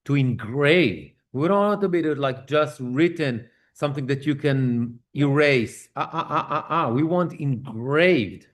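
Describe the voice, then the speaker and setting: A man's voice: medium pitch, expressive, measured pace, few pauses. A man teaching a synagogue class on prayer, explaining one term at a time in a conversational lecture. He often checks in with "okay?" and restarts phrases as he translates.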